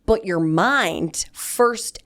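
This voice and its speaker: A woman's voice: medium pitch, very slow. A young woman co-hosting a sports podcast, talking in a chatty, casual way. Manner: chatty, animated storytelling with laughs. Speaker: podcast co-host.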